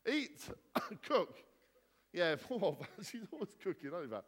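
A man's voice: sits high, sing-song, slow pace, a bit bright. A male vicar, joking and teasing as he quizzes his congregation. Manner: jokey, teasing, bouncy questions to the crowd. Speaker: vicar leading a church gathering. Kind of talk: playful banter with the congregation. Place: church hall. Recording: echoey hall reverb.

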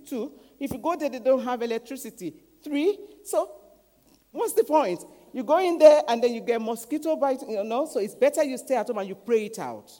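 A woman preaching a sermon with lively emphasis, repeating words, acting out quotes and sometimes dropping to a whisper. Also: fairly high pitch. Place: church hall. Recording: long hall reverb.

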